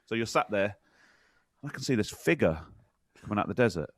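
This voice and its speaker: A man co-hosting a podcast, telling a story in a measured, deliberate casual way. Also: fairly low pitch, animated, dry recording, studio quality. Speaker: podcast co-host, former soldier.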